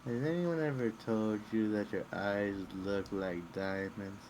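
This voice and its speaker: A man voicing a drowsy, flirtatious male adventurer who murmurs slowly. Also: lowish voice, fairly even intonation, a little mellow, slight background noise, close to an everyday voice, low-quality recording. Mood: dreamy.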